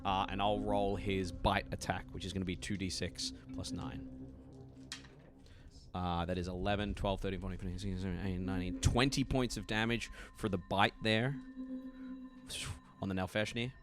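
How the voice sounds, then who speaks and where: A male game master with a very deep voice narrates a one-on-one tabletop session. He is easygoing and uses a lot of fillers, and music plays clearly under him. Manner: relaxed, many "uh" fillers, quick laughs.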